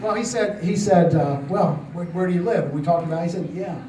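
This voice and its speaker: An older man tells his testimony to a congregation in a fairly high voice, stumbling through fillers and restarts with a gently amused tone. He is recorded in a roomy church hall from some distance off the mic, with a faint hum of ambience behind him. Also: a little fast. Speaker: church speaker telling a testimony.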